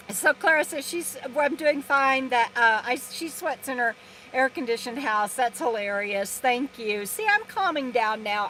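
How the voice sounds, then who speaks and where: Woman, high voice, chatty live-stream host, rambling, reading comments, faint traffic noise. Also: low-quality recording. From Texas. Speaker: vlogger hosting a live stream. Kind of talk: casual live-stream chat. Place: inside her RV in a parking lot. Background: loud trucks passing.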